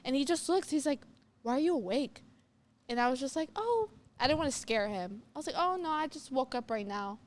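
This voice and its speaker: A woman's voice: high voice, lively intonation, brisk. A young woman co-hosting a youth podcast, telling a story in casual chat with many fillers and acting out what she heard. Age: young adult.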